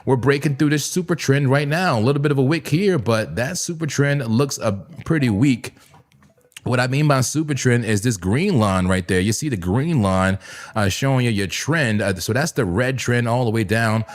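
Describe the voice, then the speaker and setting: A man hosting a live crypto trading stream, talking casually and excitably, with a voice hoarse and cracking from long streams. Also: medium pitch, moderate pace. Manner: excitable, laughs often, sudden shouts. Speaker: crypto trading livestream host.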